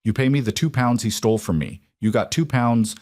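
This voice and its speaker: A man's voice: mid-range voice, brisk, a little mellow, lightly acted. A man putting on a fierce shrieking young woman. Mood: furious. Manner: shrieking, biting, then hissing. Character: fierce young woman, sharp-tongued and bold. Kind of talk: audiobook character voice.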